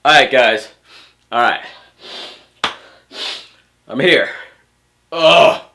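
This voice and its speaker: A man's voice: lowish voice, normal speed, a bit bright. A young man with a stuffy, allergy-clogged nose, casually rambling through a movie review with lots of fillers and restarts. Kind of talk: casual spoken film review.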